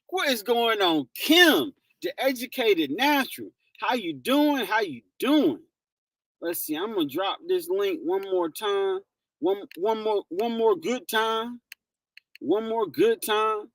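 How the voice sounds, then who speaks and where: A man hosts a casual livestream and calls out viewers in the chat by name. His voice swings up and down in pitch while he talks at an easy, unhurried pace. The sound is dry and close to the mic. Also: no room sound. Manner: animated, greets viewers by name, laughs often. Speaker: livestream host.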